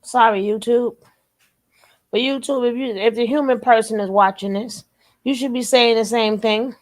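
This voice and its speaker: Emphatic woman with a higher voice. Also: fairly even intonation, moderate pace. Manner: emphatic, repeats phrases over and over; blunt, curses then apologizes. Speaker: reaction commentator. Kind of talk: reaction commentary.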